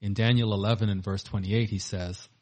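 A man's voice: lowish voice, flat delivery, brisk, a little mellow. A man preaching a sermon, reading scripture aloud with rising force between plainer commentary.

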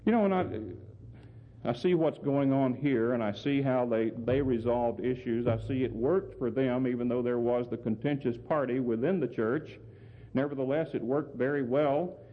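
A man's voice: mid-range voice, moderate pace. A man preaching a sermon and explaining scripture, earnest and emphatic, often putting questions to his listeners. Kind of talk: sermon, Bible exposition. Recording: phone-like sound with long hall reverb.

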